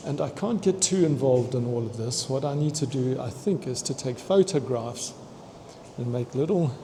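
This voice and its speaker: A man excitedly touring a fossil museum, chatting to his viewers and tripping over long names. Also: mid-range voice, moderate pace, a little hiss or hum. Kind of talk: walking museum tour vlog. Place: indoor museum hall.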